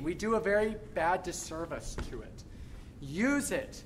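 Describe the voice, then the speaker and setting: A man working as a choir director, teaching a rehearsal in an energetic, encouraging way and demonstrating lines by chanting and singing them. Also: high voice, measured pace. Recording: echoey room with background noise.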